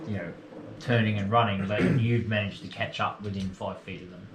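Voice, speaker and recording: A man running a tabletop game as game master, unhurried and halting with fillers. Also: on the low side, fairly even intonation, roomy sound, background noise.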